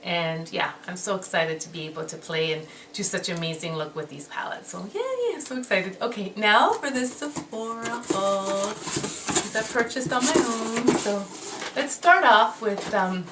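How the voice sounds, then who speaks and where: Woman vlogger showing off makeup, gushing and breathless with excitement; mid pitch, distant echoey room recording with background noise. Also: a little slow. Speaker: beauty vlogger. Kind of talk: casual haul video. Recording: roomy echo, distant mic, noisy background.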